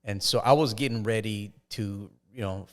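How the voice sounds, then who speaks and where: A man, a podcast guest, telling his life story in a casual, halting way with frequent restarts. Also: lowish voice.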